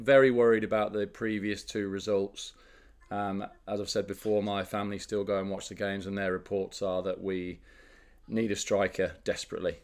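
Chatty man on a football podcast. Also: fairly low pitch. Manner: chatty, laughs easily. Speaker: podcast co-host. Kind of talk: casual chat.

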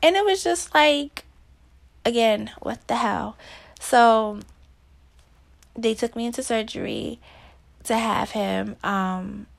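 A woman's voice: mid-range voice, creaky, a bit bright. Young woman, casual voice message, birth story, rambling, candid, emotional, many fillers. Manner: emotional, voice rising when upset. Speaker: new mother telling her birth story.

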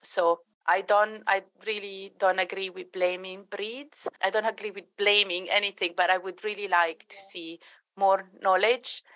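A woman's voice: medium pitch, flat delivery, measured pace, fairly bright tone, no echo. A woman dog trainer answering interview questions earnestly, with frequent restarts. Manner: earnest, many restarts, acts out quoted voices. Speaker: dog trainer and behaviourist guest.

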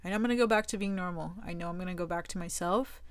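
A woman's voice: lowish voice, very fast, dry recording. A young woman talking to her own camera in a candid personal monologue, casual and slangy, swearing a lot for emphasis. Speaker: vlogger.

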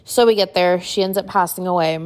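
A middle-aged woman hosting a podcast, casually telling a personal story, chatty and full of "like," getting animated when she quotes people. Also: on the low side, brisk. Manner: chatty, filler-heavy, uses "like" often. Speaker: podcast host.

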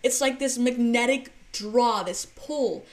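A woman's voice: fairly high pitch, slow pace. A woman hosting a solo podcast, talking casually and explaining through playful everyday examples, with frequent restarts and fillers. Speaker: podcast host.

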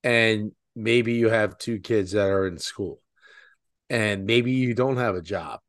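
A man's voice: lowish voice, takes it slowly, no echo, clean studio sound. A man co-hosting a podcast in casual chat, rambling with lots of filler words. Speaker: podcast co-host.

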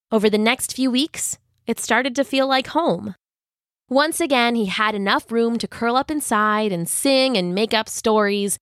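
Gentle woman reading a children's story. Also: fairly high pitch, dry recording, studio quality.

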